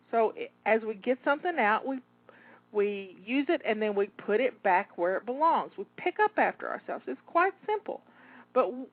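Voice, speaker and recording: A woman's voice: a little high, no echo. A woman coaching listeners through a cleaning session, encouraging and coaxing, a bit out of breath. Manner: encouraging, coaxing, repeats words. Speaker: home organizing coach. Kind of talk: motivational cleaning pep talk. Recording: dry tinny phone-like sound.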